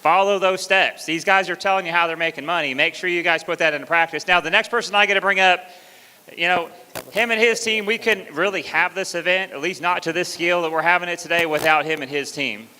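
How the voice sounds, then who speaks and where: Upbeat guy hosting onstage, bright voice, a bit high, long hall reverb. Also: a little fast, smooth. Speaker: event host. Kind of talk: enthusiastic stage hosting.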